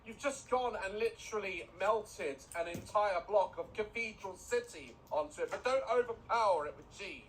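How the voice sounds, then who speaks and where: A man's voice: high-pitched, normal speed, hardly any pauses, a little hiss or hum, low-quality recording. A man streaming a game, giving mocking, exasperated commentary. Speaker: gaming streamer. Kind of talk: sarcastic reaction commentary.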